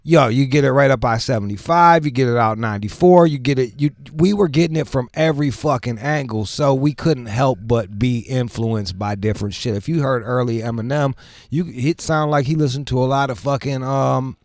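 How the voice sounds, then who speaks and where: A man from Michigan hosting a talk show, speaking in a loose, profane, animated way. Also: medium pitch, fairly quick, no echo, clean studio sound. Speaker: host.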